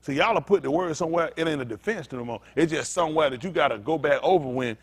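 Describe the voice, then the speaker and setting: A man's voice: a little high, fast talker. A man preaching a sermon as pastor, talking straight to his congregation in a joking, conversational way. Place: synagogue congregation.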